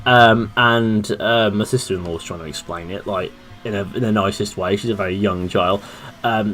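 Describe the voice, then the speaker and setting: A man, a podcast guest chatting casually and telling rambling anecdotes that drop into quiet asides. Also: lowish voice, moderate pace.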